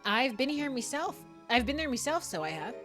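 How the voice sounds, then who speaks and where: A woman's voice: high-pitched, sing-song, fairly quick, a bit bright, faint music behind. A woman reading game lines aloud and voicing a boisterous, generous Victorian Irishman in an exaggerated mock Irish brogue. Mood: jovial. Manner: hammy, sing-song, exaggerated brogue.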